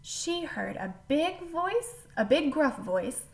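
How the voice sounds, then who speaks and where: A woman reading a picture book aloud to a child, with animated delivery and asides to the listener. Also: high-pitched, slow pace. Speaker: storyteller.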